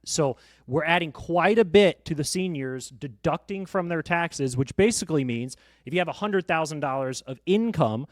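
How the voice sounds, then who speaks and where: A financial planner on a podcast walks through tax rules step by step, confident and explanatory, using round numbers to keep things simple. He is a man with a slightly high voice. The recording is dry and close-miked in a studio. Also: dry recording.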